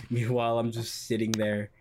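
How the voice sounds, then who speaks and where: A man hosting a podcast, telling a story in a halting, rambling way full of fillers and restarts. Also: on the low side, completely flat delivery, over a noisy crowd. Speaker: podcast host. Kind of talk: casual storytelling chat.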